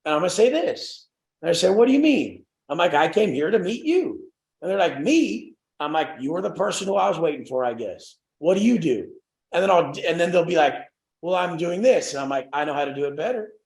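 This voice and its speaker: A man's voice: a little high, lively intonation, fairly quick, gravelly, a little mellow. Brash swearing male coach, echoey room. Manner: brash, swearing, acts out quoted voices. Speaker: coaching call host. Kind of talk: motivational group coaching call.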